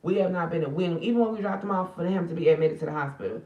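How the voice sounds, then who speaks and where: Speaking fast in a fairly low voice, a weary woman who hosts a spiritual card-reading channel shares a casual, emotional late-night vlog, calling her viewers sisters. The mic is distant, the room echoes, and the recording sounds muffled.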